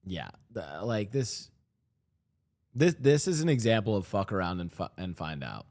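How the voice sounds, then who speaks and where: Young streamer, lively pitch, profane reaction commentary to chat. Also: male voice, moderate pace. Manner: swearing, animated, talks to chat. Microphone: desk streaming mic.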